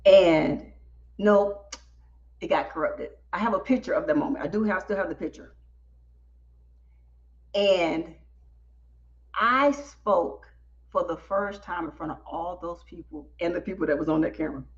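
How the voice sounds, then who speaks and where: A woman podcast host telling a story on a live stream, animated and talking straight to her audience. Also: fairly low pitch, measured pace, long pauses, highs cut off. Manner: animated, talks directly to the audience.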